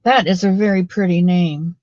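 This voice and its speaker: A woman's voice: lowish voice, moderate pace, a little mellow, dry recording. A woman hosting a casual livestream, rambling and chatty with many fillers and greeting viewers by name, on a built-in mic with dull lo-fi audio. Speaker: livestream host.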